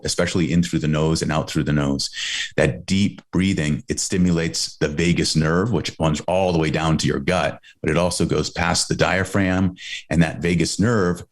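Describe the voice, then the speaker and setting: Deep-voiced man explaining earnestly. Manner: earnest, explanatory, with frequent restarts. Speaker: podcast guest, investor and coach. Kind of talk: conversational interview answer.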